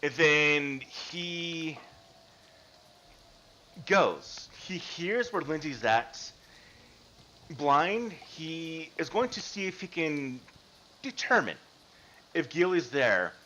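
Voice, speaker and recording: A man running a tabletop game as game master over a video call, narrating and explaining the rules in an animated way. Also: a little high, very slow, pauses often. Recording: dull lo-fi mic.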